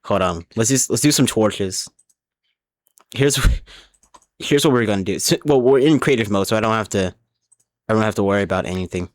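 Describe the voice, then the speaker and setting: A man with a somewhat low voice gives loose live commentary while he plays. He sounds a little drunk, swears freely and keeps repeating and restarting his sentences. His talk wanders from one thought to the next. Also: fairly quick, pauses often, no echo. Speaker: streamer. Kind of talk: casual live gaming commentary.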